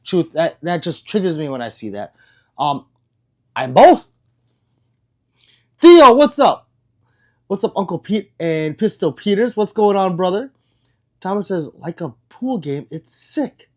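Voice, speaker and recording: Casual live-stream host, young man, swinging lively pitch, joking and rambling through the chat. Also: a little slow, long pauses. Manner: joking, rambling, reads comments aloud. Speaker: livestream host reading chat.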